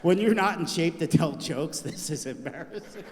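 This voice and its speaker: A man in his forties doing live stand-up comedy on stage, telling self-deprecating stories in an animated way into a handheld mic. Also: on the high side, moderate pace, background noise. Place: stage before a live audience. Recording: long reverb of a live venue.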